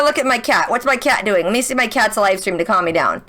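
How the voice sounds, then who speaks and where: A young woman chatting casually as she recaps a TV episode. She is excitable, full of "like" and rhetorical questions. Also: medium pitch, fast. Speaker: reaction channel host.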